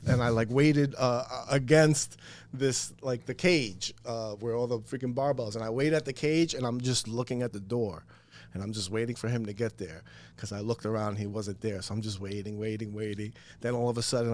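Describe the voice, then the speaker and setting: As a guest on a podcast, a man casually tells a story in an animated, profane way, acting out what people said. His voice is medium in pitch.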